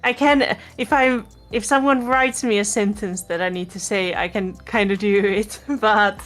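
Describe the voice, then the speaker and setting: A woman's voice: mid-range voice, steady tone, normal speed, a bit bright, faint music behind. A woman chatting casually as a guest in an online board game, laughing between words and restarting her sentences, on a home microphone over a video call. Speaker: guest player. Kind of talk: casual chat while playing online.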